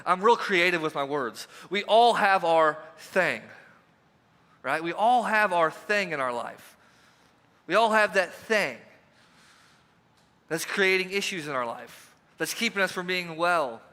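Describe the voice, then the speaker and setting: A man's voice: sits high, lively intonation, unhurried, pauses often, pushed and bright. A pastor preaching a conversational sermon to his congregation, repeating rhetorical questions and dropping in joking asides. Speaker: lead pastor. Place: church sanctuary. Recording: long hall reverb.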